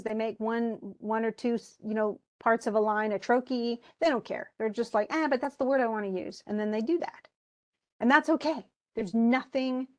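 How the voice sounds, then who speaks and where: Speaking into a computer mic, a slightly high-voiced woman runs a live online class in a chatty way. She fills her explanations with asides and puts students' possible thoughts into words.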